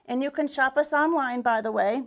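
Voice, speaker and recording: A woman's voice: high voice, moderate pace. A woman giving a live craft demonstration as a paint retailer, talking in a chatty, rambling way with restarts and muttered asides, a bit out of breath.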